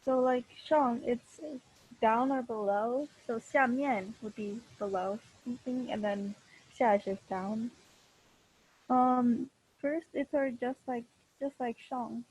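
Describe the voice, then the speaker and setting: A woman's voice: on the high side, slow, darkish tone, a little hiss or hum, low-quality recording. A woman giving a casual spoken lesson, thinking aloud with fillers as she explains. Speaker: language teacher.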